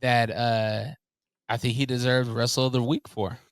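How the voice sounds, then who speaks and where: A man's voice: medium pitch, little pitch movement, moderate pace, no room sound, studio quality. A man co-hosting a wrestling podcast, talking animatedly in casual chat, laughing often and using lots of fillers. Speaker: podcast co-host.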